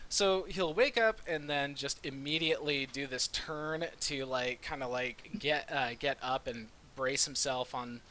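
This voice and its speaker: A man's voice: mid-range voice, measured pace, few pauses, bright, forceful tone, a little hiss or hum, poor audio. A man playing a tabletop game, chatting playfully and laughing often. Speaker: player.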